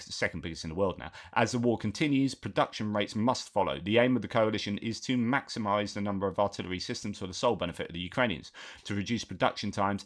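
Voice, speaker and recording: A man hosts a war news commentary, his voice sitting a little low. He reads articles aloud in an unhurried way, pausing for "uh" and breaking off into his own remarks before picking the text back up. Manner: reads articles aloud with frequent asides and filler words.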